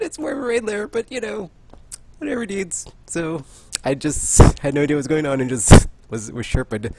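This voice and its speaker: A man co-hosting a casual gaming podcast, ranting in an animated way, laughing and acting out quotes. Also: a little high, a little fast, no echo. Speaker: podcast co-host.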